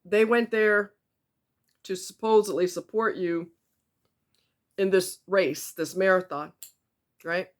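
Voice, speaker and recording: A chatty woman from the northeastern United States talks straight to her viewers. She laughs easily and piles up repeated words for emphasis. Her pitch sits in a middle range. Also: fairly even intonation, slow, pauses often. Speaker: self-help vlogger. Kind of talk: casual talk to camera.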